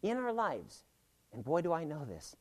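Animated, punning Bible study teacher. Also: mid-range voice, normal speed. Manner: animated, joking asides and puns; repeats key points for emphasis.

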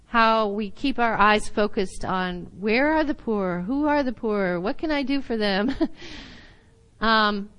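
A woman teaching a Bible lesson in sermon style, animated and laughing often, sometimes acting out little voices. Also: medium pitch, clean tone, poor audio.

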